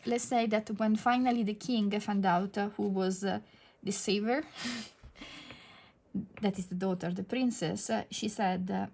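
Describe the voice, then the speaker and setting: A woman with an Italian accent talking through a drawing tutorial, soft-spoken and hesitant with many fillers, sometimes dropping to a near whisper as she works. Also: medium pitch, fairly even intonation, measured pace, gravelly. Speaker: digital art tutor.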